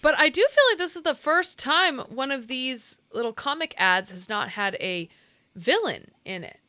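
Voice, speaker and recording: A woman co-hosting a casual comic-book podcast, giggly and quick to banter. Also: high-pitched, lively intonation, pushed and bright, no room sound. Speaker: podcast co-host.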